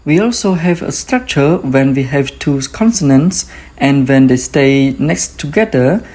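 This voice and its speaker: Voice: medium pitch, dark tone. A language teacher giving a beginner lesson, speaking carefully and saying each example word twice.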